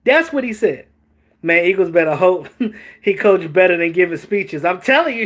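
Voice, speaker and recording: A man hosting a casual sports talk stream, animated, joking and swearing as he reacts to chat. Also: sits high, moderate pace. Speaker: host.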